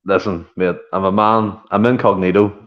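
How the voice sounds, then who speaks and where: A man's voice: sits low, fairly even intonation, moderate pace, close to an everyday voice. A man putting on a hammy Northern Irish tough guy. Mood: mock-tough. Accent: put-on Northern Irish. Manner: hammy, jokey. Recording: dull lo-fi audio.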